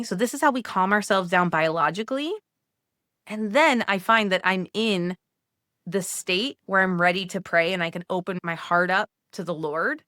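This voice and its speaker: Woman, mid-pitched voice, casual coaching talk, lots of "like", dry close sound. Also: normal speed, no room sound. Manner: conversational, frequent "like", gently coaching. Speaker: Catholic motherhood coach.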